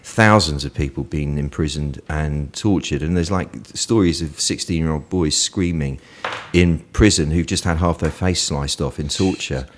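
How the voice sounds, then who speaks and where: A man, a guest on an interview show, telling stories in an animated way and laughing often in casual conversation. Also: very deep voice, normal speed, hardly any pauses. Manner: lively storyteller who laughs often.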